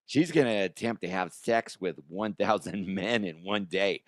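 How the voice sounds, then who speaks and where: A man hosting a casual comedic news show, his voice hoarse and strained, joking crudely and laughing often. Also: low voice, moderate pace, hardly any pauses, no echo, studio quality. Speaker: podcast host.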